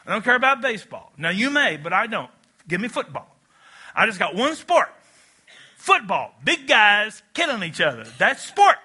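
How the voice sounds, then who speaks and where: A man's voice: high voice, sharp tone, husky. A man preaching a sermon in a church, talking conversationally and drawing the congregation into call-and-response. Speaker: pastor. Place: church auditorium.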